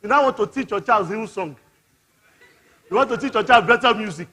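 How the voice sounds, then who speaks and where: A man with a Nigerian accent preaching a lively conference sermon, teasing the crowd and having them repeat words back. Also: high-pitched, brisk, long pauses. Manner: playful, teasing, mixes in pidgin and local words. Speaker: conference speaker.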